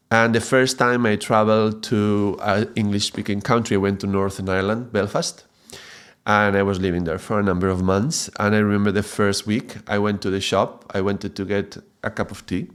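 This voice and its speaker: A man teaching a lesson, speaking haltingly, often repeating words and checking in with "yeah?". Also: on the low side, smooth. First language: Spanish. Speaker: mantra teacher. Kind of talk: explanatory video lesson.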